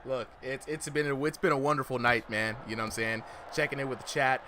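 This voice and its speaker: A man's voice: medium pitch, steady tone, quick pace, bright, forceful tone. A man calling a boxing exhibition live as a commentator, full of slang and hype, often asking "you know what I'm saying". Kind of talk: live esports-style fight commentary. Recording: noisy livestream audio.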